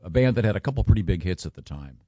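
Deep, mellow-voiced male radio host. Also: expressive, no room sound. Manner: rambling, halting storyteller. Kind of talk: casual on-air banter.

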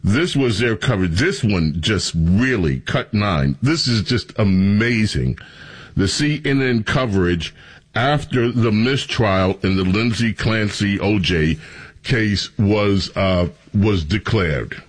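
A man hosting a talk radio show, talking in a sarcastic, animated, mocking way. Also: lowish voice, takes it slowly, breathy edge.

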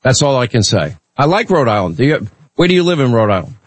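A man's voice: mid-range voice, very animated, fast, slight background noise, poor audio. Blunt opinionated talk radio host, man. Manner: blunt, opinionated, bantering with callers.

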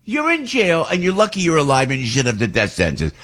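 A man's voice: a little high, huge pitch swings, fast, fairly bright tone. An older man hosting talk radio, delivering an indignant, repetitive opinion monologue. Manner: indignant ranting, repeats himself. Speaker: radio host.

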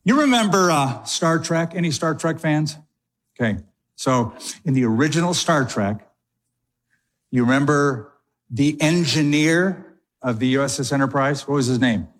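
A male pastor preaching a sermon in a conversational way, with quick asides and slowed emphasis. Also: on the high side, expressive.

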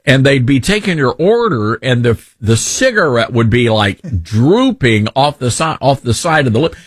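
Man, Southern accent, talk radio host, sarcastic rant, husky, lively pitch. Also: moderate pace, no echo. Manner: sarcastic, ranting, animated.

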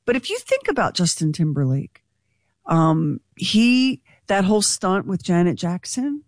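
A woman's voice: lowish voice, no echo, studio quality. A woman radio host chatting casually and gossiping with her co-hosts. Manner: gossipy and animated, quick asides.

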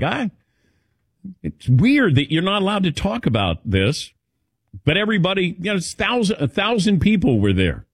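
A man hosting a sports talk show, telling stories in a lively, animated way and calling on his co-hosts by name. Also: sits high, normal speed, breathy edge, no room sound, studio quality. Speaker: radio show host. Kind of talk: casual sports talk chat.

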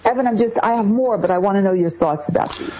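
A woman co-hosting a talk show, giving parenting advice in a casual, lively way and voicing quoted parents as she goes. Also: quick pace, lo-fi sound, slight background noise. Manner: lively, acts out quoted parent lines in a higher voice.

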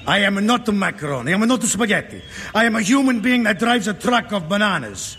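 An actor playing a hot-tempered, tender-hearted Sicilian truck driver who speaks broken English with a Sicilian Italian accent, in a 1950s film drama. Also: male voice, high voice, lively intonation, fast talker, breathy edge, exaggerated voice. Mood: furious. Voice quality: broken English, emotional and loud.

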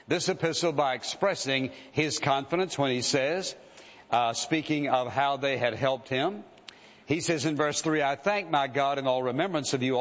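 Man, pastor giving a sermon, slightly high voice, earnest emphatic delivery, long hall reverb, dull sound. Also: fairly bright tone. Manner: earnest, emphatic preaching with slow quoted verses.

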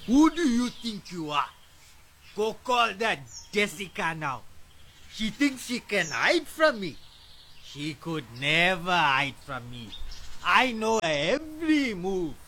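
An actor playing a drunk, abusive ex-husband who is a bullying cop, slurring and taunting. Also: male voice, high-pitched, sing-song, slow pace, bright, forceful tone, slight background noise, exaggerated voice. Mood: belligerent.

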